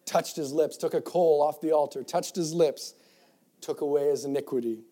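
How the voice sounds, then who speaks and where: Man, preacher, sermon to youth, fairly high pitch, mellow dark tone, fervent, scripture reading. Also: moderate pace. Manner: builds from quiet reflective passages to loud fervent exhortation; reads scripture in King James wording, with repeated restarts. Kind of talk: sermon to young people.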